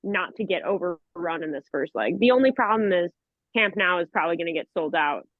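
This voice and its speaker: A woman breaks down a football match with knowledge and enthusiasm in an even, considered manner. She joins over a remote call, so the audio is thin and tinny, with a dry sound. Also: on the low side, fairly quick, no room sound. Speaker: podcast co-host. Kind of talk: casual sports analysis.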